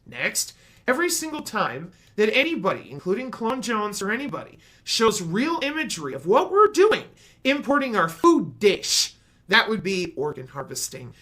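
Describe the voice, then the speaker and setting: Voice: medium pitch, wildly swooping pitch, normal speed, a bit bright. A commentator giving a heated, mocking monologue. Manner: sarcastic, mocking.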